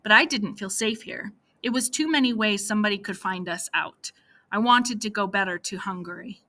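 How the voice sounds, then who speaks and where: A woman narrating a first-person story for an audiobook in a plain, steady manner. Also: mid-range voice, moderate pace.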